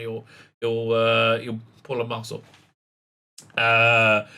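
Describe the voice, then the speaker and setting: A man's voice: on the high side, bright, forceful tone. A man giving ranting, sarcastic video commentary, full of fillers and sudden outbursts. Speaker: online commentator.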